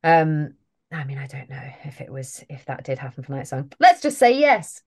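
A woman's voice: rumbling low, fairly even intonation, brisk, vocal fry, a little mellow, slightly rough. A British woman, an actress, chatting casually and self-deprecatingly in an interview. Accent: British English. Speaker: voice and mocap actor guest.

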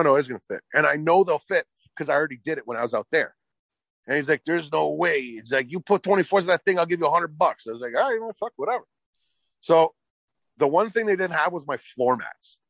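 A man's voice: on the high side, a bit bright, dry recording. Brief: man, loose profane storyteller, dry close sound. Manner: profane, rambling, fillers like "like". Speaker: car customizer telling a story. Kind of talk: casual storytelling chat.

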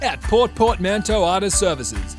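Man, mock advert voice-over, high lively pitch, salesy, music behind. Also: moderate pace.

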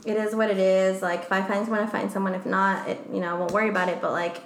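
A young mother co-hosting a casual chat, telling stories with animated retelling of conversations. Her voice sits in an echoey room with a faint hiss behind it. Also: medium pitch, fast talker, vocal fry. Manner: animated storyteller, acts out quoted dialogue.

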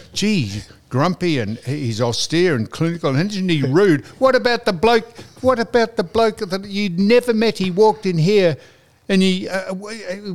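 An older Australian man hosting a podcast, telling a story with lots of swearing and quoted dialogue. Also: high-pitched. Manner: animated, acts out quoted dialogue, swears freely. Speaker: podcast host. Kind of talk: casual storytelling chat.

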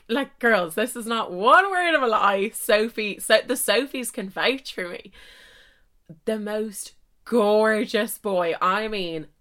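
A young adult woman, telling a story as a podcast host in a gushing, animated way, full of "like" and "so anyway". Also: medium pitch. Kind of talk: casual storytelling.

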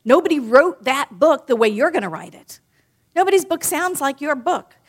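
Lively woman preaching to a congregation. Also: high voice, normal speed. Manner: animated, playful, talks directly to the congregation. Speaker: minister. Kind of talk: sermon. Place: in front of a live congregation.

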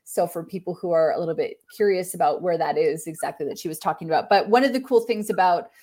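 A woman's voice: lowish voice, mellow. A woman hosting a spiritual podcast, chatting in an upbeat, talkative way. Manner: chatty, upbeat, quick laughs. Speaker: podcast host. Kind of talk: casual podcast chat.

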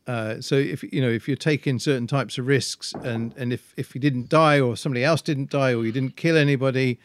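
A man's voice: mid-range voice, steady tone, fairly quick, no room sound. A man co-hosting a casual podcast chat, speaking thoughtfully with frequent restarts. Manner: hesitant, many restarts and fillers, thoughtful. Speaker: podcast co-host.

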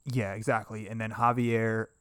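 A man's voice: on the low side, little pitch movement, a bit bright, clean tone, no echo, clean studio sound. A young man co-hosting a podcast, recapping a film in a laid-back way and often answering with "yeah". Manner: laid-back storytelling, quick "yeah" backchannels. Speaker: podcast co-host. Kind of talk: casual film discussion.

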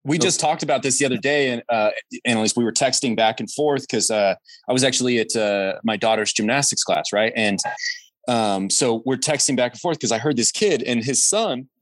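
A man's voice: mid-range voice, brisk, no room sound. A man in his thirties, a guest on a casual family podcast, telling stories with lots of restarts and getting worked up. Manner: storytelling with many restarts and fillers, gets worked up. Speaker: guest, the host's brother.

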